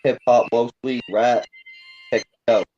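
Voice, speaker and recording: A laid-back man, guesting as a rapper and answering in short, supportive lines. His voice is mellow and warm, heard through a dull, lo-fi stream feed. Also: medium pitch, fairly even intonation, unhurried, soft background music. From Boston, Massachusetts. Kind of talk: casual interview chat.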